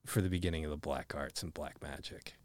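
A man's voice: very deep voice, fairly even intonation, a little fast, no echo. Chatty male podcast host, dry mic. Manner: enthusiastic, rambling, with frequent "like" and mild swearing. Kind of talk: casual chat.

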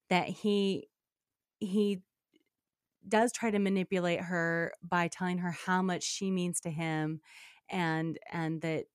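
Woman, lower voice, hesitant book chat, dry close recording. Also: no echo. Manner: hesitant, many restarts. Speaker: book discussion co-host. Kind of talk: casual literary discussion.

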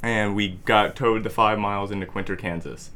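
A man's voice: lowish voice, fairly even intonation, normal speed, sharp tone. A man co-hosting a podcast, telling a long story casually with lots of "like" fillers. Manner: rambling, heavy use of "like". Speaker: podcast co-host.

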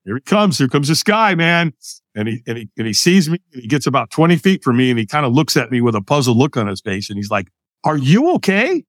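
An older American man, a podcast guest, telling a personal story in an animated way and acting out the lines of other people. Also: medium pitch, quick pace, no room sound, clean studio sound. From United States.

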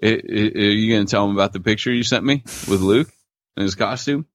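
A man's voice: on the low side, brisk. A man co-hosting a podcast, telling stories in casual chat with laid-back slang over a remote call mic. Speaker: podcast co-host. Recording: dull lo-fi dry audio.

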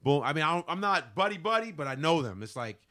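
A man's voice: on the high side, quick pace. A man, a comedian guest on a podcast, chatting casually, cursing freely and acting out quotes in funny voices. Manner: animated storyteller, acts out quotes in funny voices; swears freely, trails off searching for names.

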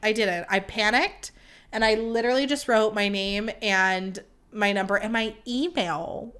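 A young woman hosting her own podcast, telling a story in a candid, chatty, self-mocking way with quick asides. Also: mid-range voice, a bit bright, smooth. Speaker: podcast host. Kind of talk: casual storytelling.

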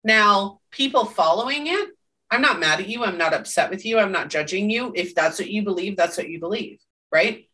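Woman co-host, bright and emphatic, casual podcast talk, recorded a bit off-mic. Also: mid-range voice, lively intonation, moderate pace, recorded from a distance. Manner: emphatic, tags statements with "right?".

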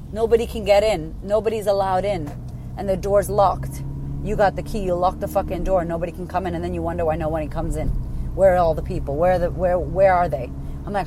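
A woman's voice: medium pitch, brisk, background noise. A woman in her thirties hosting a casual solo podcast as a coach, blunt and emphatic, swearing freely.

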